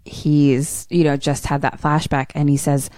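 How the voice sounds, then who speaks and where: A woman co-hosting a podcast, retelling a movie in casual chat with animated storytelling and bursts of laughter. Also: low-pitched, measured pace, no echo, clean studio sound. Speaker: podcast co-host retelling a film.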